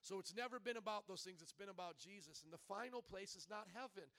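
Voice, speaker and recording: Pastor guy preaching in church, really high voice, goes from calm to loud and drawn out. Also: quick pace. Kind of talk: sermon. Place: church service.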